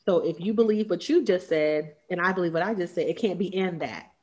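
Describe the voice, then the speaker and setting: A woman co-hosting a podcast in casual chat, blunt and animated, quick to laugh at herself. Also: fairly low pitch. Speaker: podcast co-host.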